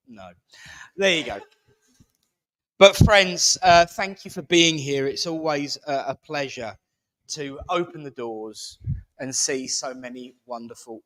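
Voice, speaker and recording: A man's voice: mid-range voice, fairly bright tone. A man hosting a church service in a village hall, making jokey announcements and leading a closing prayer. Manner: chatty, self-mocking, playful. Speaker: service leader and host.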